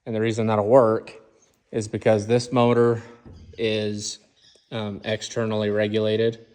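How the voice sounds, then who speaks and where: Speaking in a low, monotone, slightly mellow voice at a measured pace, a man films his truck build in his garage. The casual how-to vlog has him plainly explaining each step in shop talk, with the engine called "she."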